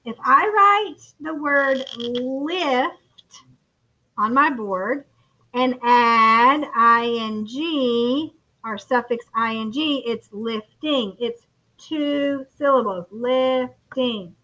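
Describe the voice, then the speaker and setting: A woman's voice: fairly high pitch, very slow, bright, forceful tone, low-quality recording. A woman from the United States, teaching a first grade phonics lesson in an encouraging way, calling the children friends. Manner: encouraging, calls listeners friends. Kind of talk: recorded classroom lesson.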